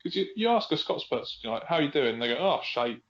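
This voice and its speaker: A man's voice: on the high side, very animated, racing. English man, blunt and jokey, mimics voices, casual podcast chat, muffled audio. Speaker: podcast co-host.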